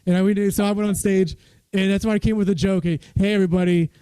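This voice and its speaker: Man, high and mellow, dry closed-in sound, rambling self-deprecating storyteller on a video call. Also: little pitch movement, quick pace, clean tone, no room sound, rough recording. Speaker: stand-up comedian guest. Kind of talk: casual storytelling chat.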